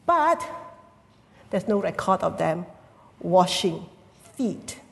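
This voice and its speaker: A woman's voice: lowish voice, sing-song, slow, vocal fry. A woman from Singapore preaching a sermon, explaining the Greek words of the text and asking the congregation rhetorical questions. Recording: long reverb of a church hall.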